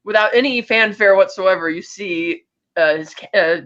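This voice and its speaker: High, bright-voiced man recapping a film. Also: normal speed, dull audio. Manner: rambling animated retelling with acted quotes. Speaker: podcast co-host. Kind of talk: casual chat, film recap.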